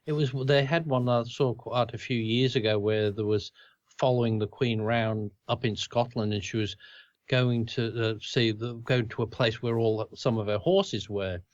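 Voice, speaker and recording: A man's voice: mid-range voice, steady tone, moderate pace, no echo. Australian man on a dull, dry line. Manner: chatty storyteller, laughs into his anecdotes. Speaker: podcast co-host. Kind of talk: casual chat.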